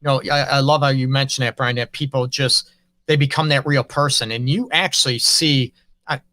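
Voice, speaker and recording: Bright, forceful male counselor host. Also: mid-range voice, steady tone, normal speed, dry recording, clean studio sound. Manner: earnest, frank, speaks in loose run-on phrases. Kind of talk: conversational interview.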